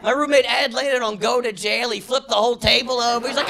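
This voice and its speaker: A man doing a stand-up comedy set, shouting his punchlines and jumping into squealing character voices. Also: extremely high pitch, steady tone, a little fast, vocal fry, few pauses. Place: comedy club stage before a laughing crowd. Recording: live club recording with crowd noise. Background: audience laughter.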